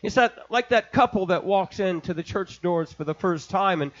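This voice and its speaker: A man preaching an impassioned sermon, building from quiet storytelling to shouting. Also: high-pitched, moderate pace, highs cut off. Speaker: pastor.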